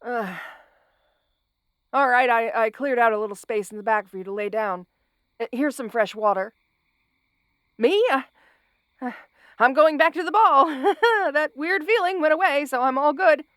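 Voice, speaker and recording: A woman's voice: sits high, normal speed, long pauses, a bit bright, clean tone, no echo, clean studio sound. A woman voicing a brash but anxious young orc woman in an audio role-play, stammering, laughing nervously and insisting she is fine. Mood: stubborn.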